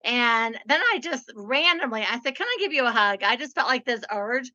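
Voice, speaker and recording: A woman hosting an interview, telling stories in a bubbly, expressive way. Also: a little high, moderate pace, lo-fi sound. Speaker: host. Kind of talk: conversational interview.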